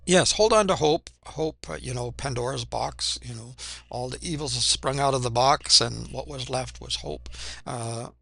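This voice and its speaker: A man hosting a music reaction channel. He is hoarse, losing his voice and has a cough, and he speaks in an earnest, reflective way, often restarting his sentences. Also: medium pitch, steady tone, normal speed, sharp tone, no echo. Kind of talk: casual music reaction commentary.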